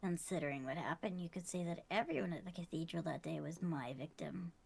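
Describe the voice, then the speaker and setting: A woman voicing a cunning, smug female murderer with a gravelly, evasive, taunting manner. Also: lowish voice, fairly quick, darkish tone, a little hiss or hum. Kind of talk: voicing game dialogue.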